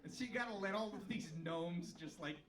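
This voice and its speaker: Male stand-up comic, high-pitched, sarcastic riffing; live club recording, mic at a distance. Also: brisk, background noise. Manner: sarcastic, deadpan riffing with sudden loud outbursts. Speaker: stand-up comedian. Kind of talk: stand-up comedy set. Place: comedy club stage before a laughing crowd. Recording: live club recording, crowd laughter, from far off.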